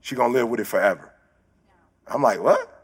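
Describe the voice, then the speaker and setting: A man giving a motivational speech, telling a personal story in casual slang and breaking into shouts. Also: medium pitch, a little fast, gravelly, husky, big-room sound. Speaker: motivational speaker.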